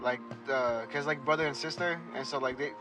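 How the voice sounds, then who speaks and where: A man co-hosting a podcast in casual chat, halting and restarting often as he explains. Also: mid-range voice, steady tone, bright, forceful tone, faint music behind, low-quality recording. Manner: halting, lots of restarts and filler. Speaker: podcast co-host.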